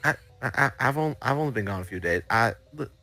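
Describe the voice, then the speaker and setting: A man's voice: medium pitch, lively intonation, fast, sharp tone, dry recording, soft background music. A man playing a stammering soldier husband. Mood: flustered. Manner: stammering, defensive, apologetic. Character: flustered soldier husband calling his wife.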